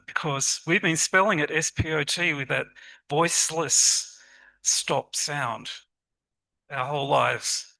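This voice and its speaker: A man giving a lively, encouraging conference talk to teachers and asking the audience questions. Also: a little high, dry recording, poor audio. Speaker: conference presenter on literacy teaching.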